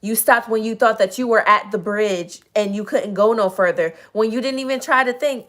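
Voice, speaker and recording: A woman hosting a relaxed motivational livestream, speaking in an easy, chatty way to her viewers. Her voice is slightly hoarse and sits at a middle pitch. She encourages the audience earnestly and breaks off to greet people by name. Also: moderate pace, few pauses. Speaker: livestream host. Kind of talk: casual motivational livestream talk.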